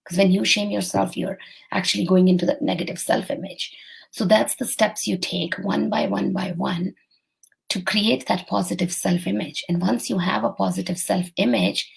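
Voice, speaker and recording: A woman's voice: mid-range voice, normal speed, gravelly, breathy edge, low-quality recording. A woman hosting a motivational live stream, speaking directly and encouragingly to her viewers as a coach. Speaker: host and coach.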